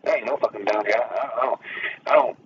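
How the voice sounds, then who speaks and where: A man with a lowish voice talks fast in a casual chat, bragging and swearing as he rambles along with lots of fillers. The mic sounds distant and dull, lo-fi, with faint noise underneath.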